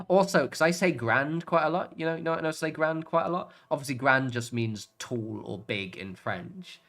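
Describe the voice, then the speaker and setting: Soft music plays behind a British gaming streamer who rambles casually through his playthrough, laughing frequently and swearing at times. His fairly bright, mid-range voice is expressive and a little slow, with hardly any pauses.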